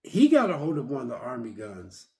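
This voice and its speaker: A middle-aged man in a casual vlog, excitedly retelling a movie's scenes and acting out the characters' lines. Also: medium pitch, brisk. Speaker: vlogger reviewing a movie.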